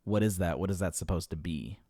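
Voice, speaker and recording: Flustered woman bank teller, voiced by a man in his own low register. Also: brisk, mellow, slightly rough, no room sound, studio quality.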